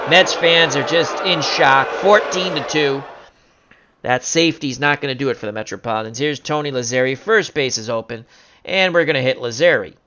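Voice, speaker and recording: Bright-voiced man calling baseball play-by-play. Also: medium pitch, moderate pace, slight background noise. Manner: jokey, bursts into loud excitement on big plays. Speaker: play-by-play commentator of a simulated baseball game. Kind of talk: excited play-by-play commentary.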